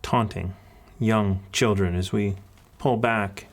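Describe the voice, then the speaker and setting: A man running a tabletop game as game master, narrating scenes in slow, deliberate storytelling. His voice sits low and he takes his time with each phrase. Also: steady tone.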